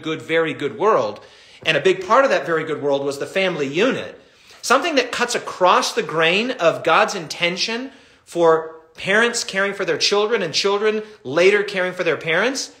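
Middle-aged pastor man, fired up bible teaching, high bright voice, roomy echo. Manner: animated, impassioned storytelling.

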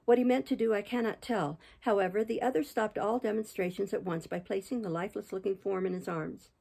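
A woman reading a classic novel aloud in a steady, measured manner. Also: medium pitch, gravelly, slightly rough, low-quality recording. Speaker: reader, channel host. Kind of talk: audiobook reading.

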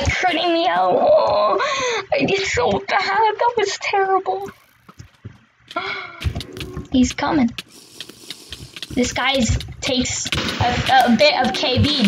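A woman commentating on her own gameplay, excitable and swearing, with sudden shouts between quieter muttering. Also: high-pitched, background noise. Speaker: gamer.

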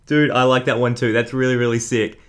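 A young man hosting an excited card unboxing, hyped and full of slang. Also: mid-range voice, brisk. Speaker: YouTube host.

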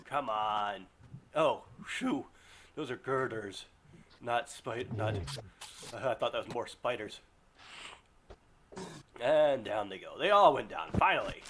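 A man commentating his own gameplay, excitable, yelping and groaning as things go wrong. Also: mid-range voice, slow, pauses often, background noise. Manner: excitable, yelps and groans at setbacks. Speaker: let's play gamer. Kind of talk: live game commentary.

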